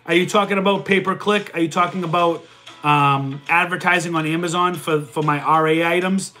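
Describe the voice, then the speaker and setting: A loud, energetic man hosts a casual livestream and answers his viewers' questions as they come in. His voice sits high and bright, and he talks the numbers through out loud. Faint music plays behind him. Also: fairly quick. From Italian heritage. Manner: loud and energetic, says he yells. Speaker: livestream host answering chat.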